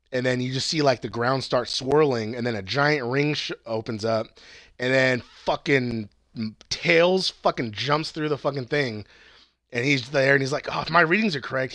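A man casually recapping a movie plot on a podcast, excited and rambling, swearing often and laughing at the funny parts. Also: medium pitch, no echo. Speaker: podcast co-host reviewing movies.

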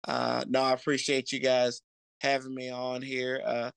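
A man with a gravelly, fry-heavy voice talks as a podcast guest in a laid-back, rambling way. His pitch stays flat and even, and the sound is dry and close. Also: measured pace, no echo. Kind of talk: casual podcast chat.

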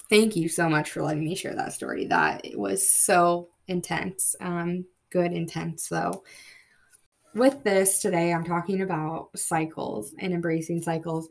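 A woman's voice: on the low side, creaky. A woman hosting a podcast, telling a personal story in an earnest, emotional way with many fillers. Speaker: podcast host.

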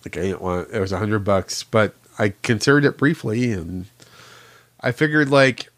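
A man's voice: lowish voice, normal speed, a bit bright, no echo, studio quality. A man co-hosting a podcast in casual chat, laughing often and leaning on "like" as a filler. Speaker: podcast co-host.

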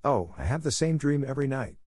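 A man voicing a timid, homesick little girl who speaks softly. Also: mid-range voice, sing-song, fairly quick, breathy edge, no echo, clean studio sound, pitched above the performer's own voice. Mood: wistful. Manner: soft, timid.

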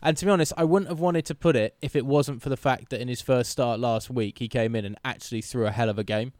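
A man's voice: medium pitch, fast talker, darkish tone, no echo, studio quality. A man co-hosting a casual sports podcast, opinionated and jokey as he argues his picks with stats. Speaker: podcast co-host.

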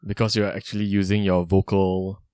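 A man's voice: low voice, level tone, brisk, darkish tone, smooth, no echo, clean studio sound. A man co-hosting a casual podcast chat, easygoing, with short replies and chuckles. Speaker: podcast co-host.

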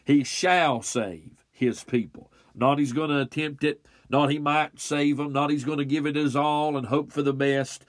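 A man preaching an expository sermon in a slow, deliberate way with emphatic pauses. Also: fairly high pitch, steady tone, no echo.

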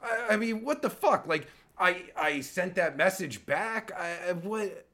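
Stammering, sarcastic high-voiced man ranting. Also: expressive, a little slow, bright, forceful tone. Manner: sarcastic, stammering, swears constantly. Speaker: podcast host reacting to a clip. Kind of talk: angry profane reaction commentary.

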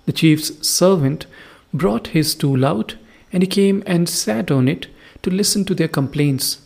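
A man narrating a folk tale in a slow, deliberate storybook style. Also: fairly high pitch, creaky, a little mellow.

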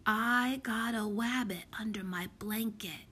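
A woman's voice: a little high, big pitch swings, a little slow, breathy edge, exaggerated voice. A woman whispering as a tiny lisping girl. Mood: secretive. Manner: soft whisper, childish lisp. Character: tiny girl prodigy, sweet and secretive. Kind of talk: whispered role-play.

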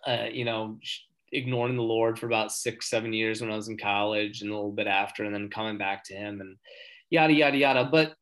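A man telling a story in casual chat, earnest and rambling, getting excited as he talks. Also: on the low side, brisk. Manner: earnest, excitable when talking faith; rambling with many fillers and restarts.

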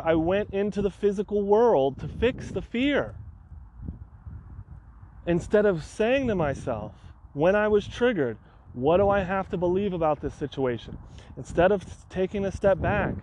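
A man with a fairly high voice hosts a solo podcast. He tells a personal story with lively energy and acts out his own frantic rants. A faint hum sits under the recording. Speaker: podcast host.

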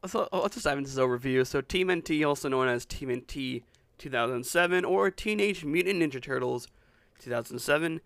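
A man's voice: fairly high pitch, a little fast, vocal fry, fairly bright tone, no room sound. A man in his twenties co-hosting a casual chat, tired, stammering and laughing often. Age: 20s. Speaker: podcast co-host.

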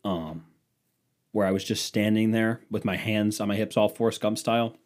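A man's voice: fairly low pitch, fairly even intonation, normal speed, a little mellow. A young man hosting a solo podcast, telling rambling, profane stories in a scatterbrained way. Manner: rambling, profane, scatterbrained, mocking voices for quotes. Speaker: podcast host. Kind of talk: casual solo podcast storytelling.

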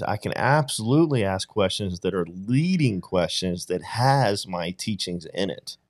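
A man in casual podcast conversation, telling a reflective story and often checking in with "right?". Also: deep voice. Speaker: podcast guest or co-host.

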